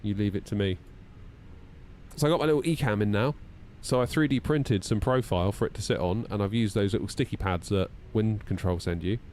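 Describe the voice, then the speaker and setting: Man, 30s, low voice, chatty live-stream host, reads checklists aloud. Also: a little fast, darkish tone, slight background noise. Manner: chatty, self-deprecating, talks through checklists. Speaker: flight-sim streamer. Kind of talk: casual live-stream chat.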